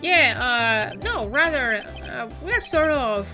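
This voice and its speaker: An awkward, apologetic young lawyer, read by a woman in a video game, in a high, lively voice. He keeps stumbling over his words. Game music runs behind. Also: takes it slowly, exaggerated voice. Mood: flustered. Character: flustered young male defense lawyer.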